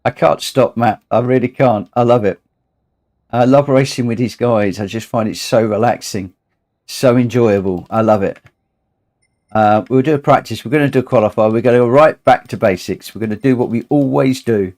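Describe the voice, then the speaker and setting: Man, livestream host, tired, emotional, rambling, casual gaming chat, mid pitch. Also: moderate pace, a little mellow. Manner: emotional, rambling, repeats himself.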